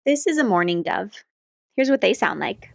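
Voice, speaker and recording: A woman teaching a children's lesson about birds, speaking cheerfully and clearly to young kids. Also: mid-range voice, normal speed, noisy background. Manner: soft, calming guided breathing. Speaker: kids activity instructor.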